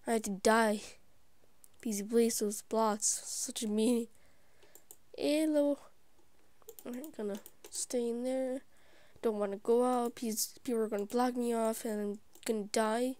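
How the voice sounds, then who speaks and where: Excitable woman gamer with whispered asides. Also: on the high side, a little slow, no echo. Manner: excitable and easily frustrated, drops into whispered asides. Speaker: YouTube gaming channel host. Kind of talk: live gameplay commentary.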